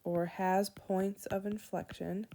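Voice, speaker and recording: Slow, mellow woman teaching math. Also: mid-range voice, level tone, vocal fry, a little hiss or hum. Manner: slow, deliberate, walks through steps aloud. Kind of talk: whiteboard lesson explaining calculus.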